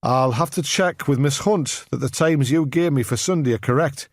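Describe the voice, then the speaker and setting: A methodical police inspector who keeps his questions formal and businesslike, as a male narrator plays him. The voice is measured and mid-pitched, recorded dry and close for an audiobook. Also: no echo, natural voice. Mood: probing.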